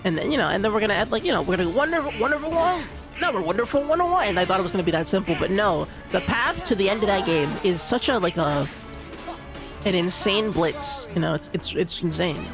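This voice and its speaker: Young man, gravelly, fairly high voice, rambling game commentary, music underneath. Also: lively intonation, quick pace. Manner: rambling, restarts, lots of "like" and "you know". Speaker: streamer. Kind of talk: casual gameplay commentary.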